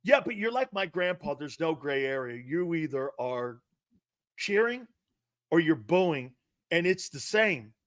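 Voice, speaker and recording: Older ex-player co-host, higher-pitched, animated and profane, dry close-mic. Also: male voice, a little slow, dry recording. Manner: excitable, profane, acts out quotes loudly. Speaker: co-host, former college football player. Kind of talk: animated sports talk and storytelling.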